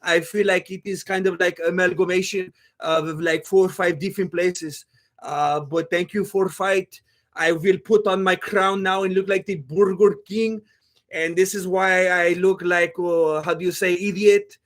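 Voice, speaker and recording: A man putting on a slow, halting, mock-polite voice for a falsely humble boxer champ with a Mexican Spanish accent. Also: high voice, steady tone, a bit bright.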